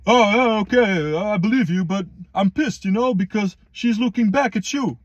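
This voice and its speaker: A man's voice: high voice, normal speed, dry recording, muffled recording, voice pushed up. A man voicing a pushy, jealous British man at a club, blunt and confrontational.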